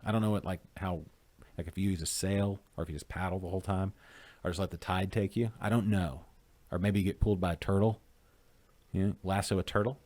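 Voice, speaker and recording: A man's voice: low-pitched, darkish tone, no room sound. A man co-hosting a casual chat show, rambling through jokey ideas and trailing off into mumbles. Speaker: podcast co-host.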